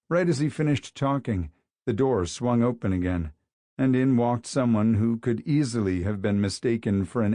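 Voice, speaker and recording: Dry, steady male audiobook narrator. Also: fairly low pitch, no echo. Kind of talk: scripted narration.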